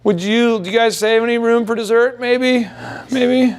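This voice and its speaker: A man's voice: high voice, steady tone, moderate pace, pitched above the performer's own voice. A man mimicking a timid, apologetic male restaurant waiter who asks hesitantly. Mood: meek.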